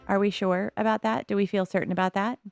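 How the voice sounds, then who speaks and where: A woman chatting casually as she plays a life-simulation game, musing aloud with soft laughs. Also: mid-range voice, little pitch movement, quick pace, creaky, no room sound, soft background music. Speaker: gameplay commentator.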